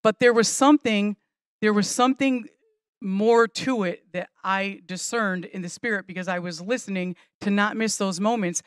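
A woman's voice: mid-range voice, moderate pace, no echo. Earnest middle-aged woman pastor, dry sound. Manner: chatty, rambling with restarts and small laughs; earnest, stresses key points. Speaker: pastor teaching a women's class. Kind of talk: conversational teaching.

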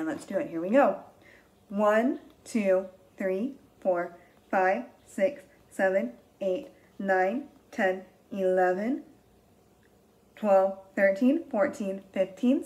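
A woman reading a picture book aloud to young children as their teacher, gentle and patient, counting along and gasping with wonder. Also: mid-range voice, low-quality recording. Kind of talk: slow read-aloud lesson for young children.

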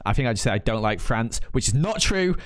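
Late-20s male streamer, northern English accent, rambling casual chat, animated pitch. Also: dry recording. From northern England. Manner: chatty, rambling, quick to laugh. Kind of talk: casual live-stream chat, reading chat aloud.

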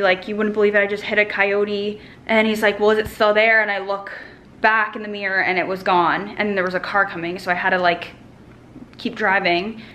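A woman's voice: mid-range voice, bright, forceful tone, slight background noise. A young woman in her twenties chatting to camera as a vlogger, telling a story casually and swearing freely. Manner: chatty, swears freely, tells stories animatedly.

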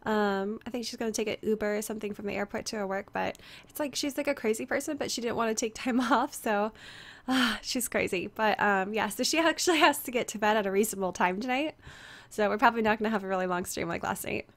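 A woman's voice: mid-range voice, fast, fairly bright tone. A young woman streaming a game and chatting with viewers, her voice strained from screaming the day before, full of fillers as she greets people by name. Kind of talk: casual chat with viewers. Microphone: headset.

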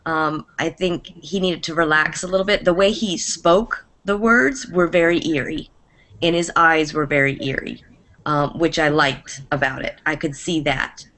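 A woman's voice: sits low, steady tone, a little slow, fairly bright tone. A woman from New England, a drama teacher, giving thoughtful feedback on a video call with frequent ums. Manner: thoughtful, hesitant with many ums. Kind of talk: casual video call discussion.

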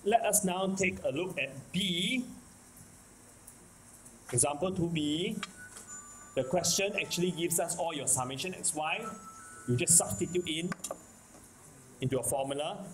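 A man's voice: on the high side, a little slow, long pauses, slight background noise, poor audio. A man with a Singaporean English accent giving a math lecture, repeating key points and checking in with the class often. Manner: repetitive, keeps checking in with "okay? can?". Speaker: math teacher.

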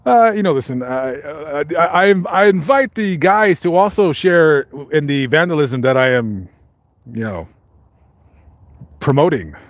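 A man's voice: a little high, animated, unhurried, no echo. A man hosting a live stream, reading out viewer comments and joking in a rambling way with many fillers and restarts.

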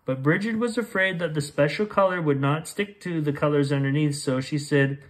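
A man hosting and reading a children's bedtime story aloud, gentle and expressive. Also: on the high side, moderate pace. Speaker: host reading bedtime stories.

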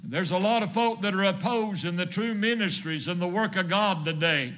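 A man's voice: high voice, normal speed, fairly bright tone, slight background noise. A male evangelist preaching a fervent sermon, hammering his points home with repetition.

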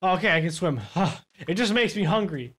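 A young man commentating a video game let's play in an excitable voice, jumping between loud outbursts and low mutters and complaining in a joking way. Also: normal speed. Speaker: gaming YouTuber.

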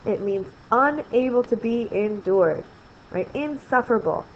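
A woman's voice: a little high, expressive, unhurried. A woman teaching a history lesson in a recorded screen lecture, chatty and often asking "right?". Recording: slightly dull, faint noise.

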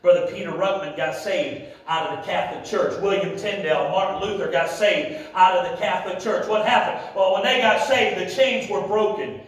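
A man preaching a sermon as pastor, with a Midwestern American accent, shouting in bursts and drawing amens back from the congregation. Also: high-pitched, normal speed, hardly any pauses. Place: large church sanctuary. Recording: echoey hall, heard from far off. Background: congregation calling amen.

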